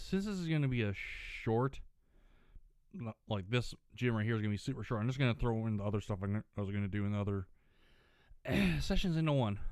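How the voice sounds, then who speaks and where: A man rambling through casual gameplay commentary, clearing his throat often, his dry throat pulling his voice lower than usual. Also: darkish tone, dry recording. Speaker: gaming channel host.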